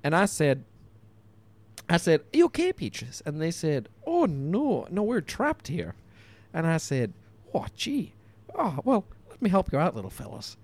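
A man's voice: fairly high pitch, huge pitch swings, full character voice. A man putting on a rambling school friend. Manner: hesitant, rambling, full of pauses. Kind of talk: improvised phone-call comedy bit.

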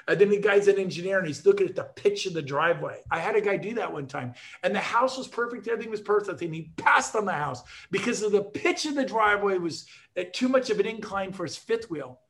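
A high-voiced man talks a little fast, barely pausing, as he motivates agents over a video call. He's an energetic storyteller, punching out his sales tales with emphasis and jokes.

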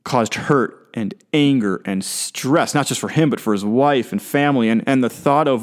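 A man who is a pastor, preaching in a conversational, animated way and often restarting or repeating his words. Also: medium pitch, normal speed, hardly any pauses. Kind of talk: conversational sermon.

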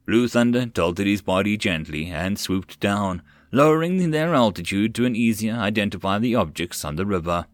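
A man narrating a web novel audiobook, expressive and swinging with the action. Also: on the low side, moderate pace, few pauses, no room sound. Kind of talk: reading a web novel aloud.

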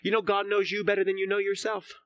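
Fervent, high, bright-voiced preacher man. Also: level tone, quick pace, no echo. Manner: builds to loud, fervent shouting; drops to soft, low emphasis on key phrases. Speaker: senior pastor. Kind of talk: sermon. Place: church sanctuary.

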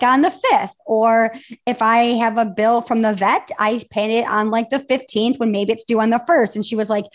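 A woman in her forties, a business mentor guesting on a podcast, talking openly and retelling past conversations in a chatty way. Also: on the high side. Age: 40s. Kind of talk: casual interview chat.

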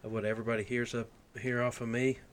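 A man's voice: medium pitch, little pitch movement, quick pace, slight background noise. A man with a Southern US accent, a guest chatting easily and self-deprecatingly on a podcast. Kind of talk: casual chat.

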